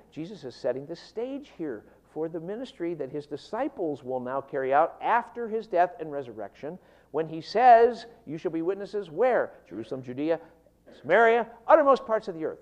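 A man preaching an expository sermon on a parable, animated and emphatic, rushing some phrases and slowing to stress others. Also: a little high.

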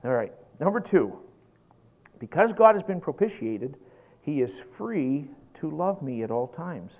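A man preaching a sermon in an animated, folksy way, getting worked up as he goes. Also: fairly high pitch, a little slow. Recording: tinny lo-fi phone-like recording.

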